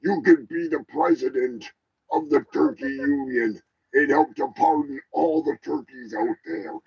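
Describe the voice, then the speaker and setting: A man's voice: fairly high pitch, animated, unhurried, gravelly, darkish tone, breathy edge, exaggerated voice, rough recording. A man doing a comedic impression of a rambling, boastful, stoned former wrestler turned politician, talking in long asides.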